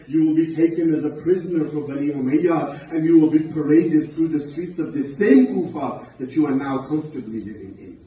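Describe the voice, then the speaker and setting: A man preaching a mournful sermon, his voice fairly high yet mellow, rising into loud, impassioned stretches. He is recorded from a distance in a very echoey hall with faint room noise behind him. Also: a little fast, hardly any pauses. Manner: rises to loud impassioned pitch as he recounts. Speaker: speaker at a religious gathering. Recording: echoey hall, far from mic.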